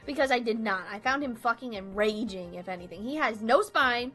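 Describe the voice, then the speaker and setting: Young woman ranting about a movie, high bright voice, cussing and laughing, soft music behind. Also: brisk. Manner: exasperated, swears often, laughs while ranting. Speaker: video creator. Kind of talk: casual chat, movie rant.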